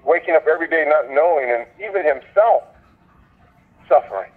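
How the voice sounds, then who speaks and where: A man's voice: fairly high pitch, lively intonation, brisk, slightly rough. A man hosting a conference call, speaking in a fervent, preacher-like way and repeating his points for emphasis. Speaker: host of a sales conference call. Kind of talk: motivational preaching. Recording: phone line.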